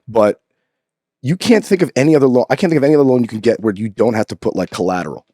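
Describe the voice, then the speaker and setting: A man hosting a podcast who talks fast and bluntly, with frequent swearing. His voice is low and mellow. The studio sound is close and dry. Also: animated, no echo. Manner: blunt, profane, rapid talk. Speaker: podcast host. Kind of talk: casual podcast chat.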